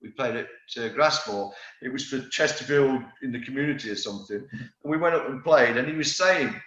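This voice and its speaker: A former footballer in his fifties, appearing as a podcast guest, tells lively, rambling stories full of restarts in a casual interview. His voice is medium-pitched and fairly quick, captured in a roomy, slightly dull recording.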